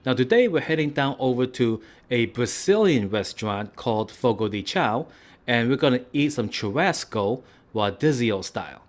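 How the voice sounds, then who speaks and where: A man's voice: mid-range voice, animated, moderate pace. A man hosting a food and travel vlog, joking and rambling in a casual way with lots of "right?". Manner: playful, rambling, tag questions like "right?".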